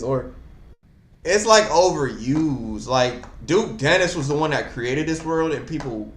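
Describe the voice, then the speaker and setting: A young man hosting a casual chat, talking in an animated, rambling and slangy way. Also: on the high side, moderate pace, roomy sound. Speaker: host.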